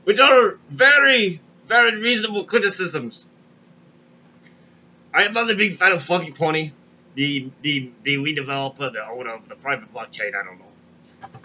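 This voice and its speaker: A man's voice: a little high, moderate pace, sharp tone, dull audio, a little hiss or hum. A man hosting a comedic crypto show, rambling and kvetching as he tells stories. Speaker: podcast host. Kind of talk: comedic crypto market monologue.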